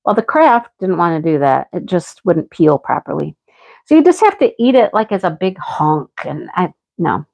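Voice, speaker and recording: A woman's voice: fairly low pitch, sing-song, moderate pace, creaky, darkish tone. A woman hosting a live craft stream, chatting casually and greeting viewers by name while she works. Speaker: craft livestream host.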